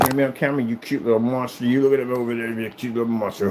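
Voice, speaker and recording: A man's voice: medium pitch, flat delivery, racing, hardly any pauses, background noise. A man chatting casually to camera in an emphatic, rambling way, often repeating himself. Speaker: vlogger.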